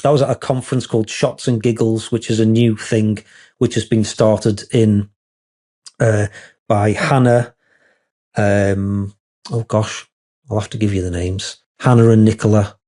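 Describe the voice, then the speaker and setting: Chatty guy with a warm low-key tone, rambles a bit, pokes fun at himself. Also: flat delivery, measured pace. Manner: rambling, self-deprecating, gets emotional. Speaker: wedding photographer guest. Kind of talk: candid podcast interview.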